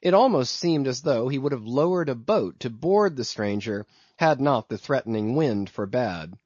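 A man reads a classic novel aloud at a measured, steady pace. His voice sits mid-range. The recording is dry and close, with a slightly dull, muffled tone. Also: mid-range voice, breathy edge, dry recording. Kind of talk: audiobook narration.

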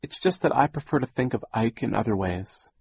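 A man's voice: mid-range voice, lively intonation, brisk, vocal fry, a little mellow, breathy edge, heavily acted. A man voicing a fussy, anxious older widowed aunt who gets teary and speaks very properly, in an audiobook reading. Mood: tearful.

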